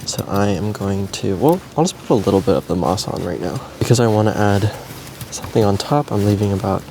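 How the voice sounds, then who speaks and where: A man vlogging about plant care in a relaxed, meandering casual chat while potting plants, with frequent ums and likes. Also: lowish voice, a little fast, creaky, slight background noise.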